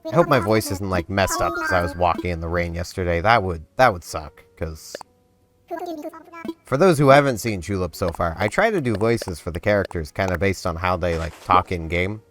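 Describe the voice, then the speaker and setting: A man casually rambling while commenting on his gameplay, his voice hoarse and not yet warmed up. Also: sits low, expressive, normal speed. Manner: rambling, chatty, self-deprecating. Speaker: gaming video host. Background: game music.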